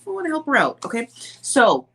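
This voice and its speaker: A woman's voice: high voice, huge pitch swings, fairly quick, vocal fry, fairly bright tone, husky. A woman hosting a casual livestream, chatty and greeting viewers one by one with easy laughs. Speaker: livestream host.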